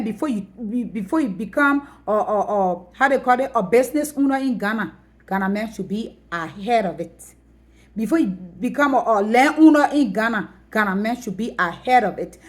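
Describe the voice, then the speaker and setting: A middle-aged woman with a Liberian accent, ranting to her viewers in a loud, emphatic way, repeating her points. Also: mid-range voice. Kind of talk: impassioned rant to camera.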